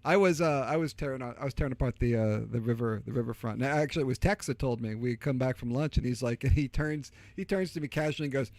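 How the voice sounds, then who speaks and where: A man's voice: medium pitch, quick pace, few pauses, darkish tone, dry recording. A middle-aged man with a Delaware County Philadelphia accent, chatting casually as a podcast co-host and telling rambling stories full of fillers and restarts. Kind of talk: casual chat.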